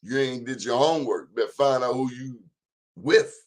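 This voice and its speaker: A man's voice: medium pitch, moderate pace. Man, talk show host, blunt, preachy, emphatic monologue. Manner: emphatic, sermon-like, plainspoken and blunt.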